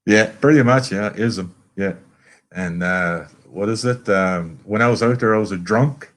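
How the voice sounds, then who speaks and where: A man's voice: fairly low pitch, measured pace, fairly bright tone. A middle-aged man from Canada with a Canadian accent, telling recovery stories in a casual, earnest, folksy way. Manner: earnest, folksy, quotes people in raised voices. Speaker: recovery meeting guest. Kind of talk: casual storytelling.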